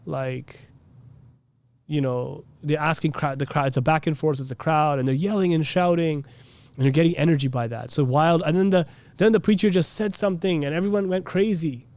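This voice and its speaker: A man's voice: fairly high pitch, moderate pace, a little mellow. A man giving a casual religious lesson, chatty and full of "you know" and "like", now and then mimicking preachers. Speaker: Islamic teacher. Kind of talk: casual classroom lecture.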